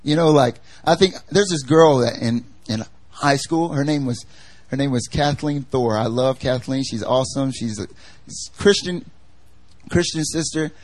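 A man's voice: mid-range voice, a little slow, darkish tone. A young man preaching a casual sermon, chatty and jokey, full of fillers as he tells stories.

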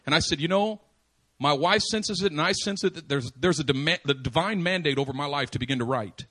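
Male preacher delivering a sermon; high-pitched, emphatic, moves between quiet asides and loud repeated points. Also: fairly quick. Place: church service.

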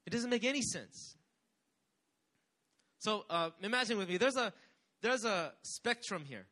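A young man preaches with energy, drawing the congregation into call-and-response. His voice sits high and bright, and it swings widely as he drives each point home. He keeps a constant pastoral rhythm of question and answer. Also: expressive, normal speed, long pauses. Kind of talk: sermon.

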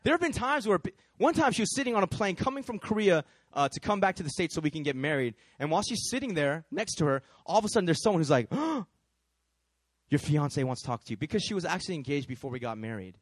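A man preaching through a personal story, animated, with lots of repeated fillers and laughter. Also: high-pitched, fast, few pauses, no room sound. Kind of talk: storytelling sermon.

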